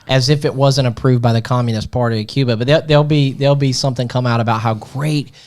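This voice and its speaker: A man's voice: medium pitch, fairly even intonation, quick pace, a little mellow. A man co-hosting a casual political podcast, trading wry jokes and banter. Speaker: podcast co-host.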